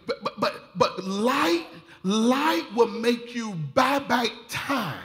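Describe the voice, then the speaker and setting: A man preaching a sermon in a folksy style, laughing often and rising to shouted fervor. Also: extremely high pitch, expressive, slow pace. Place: church sanctuary.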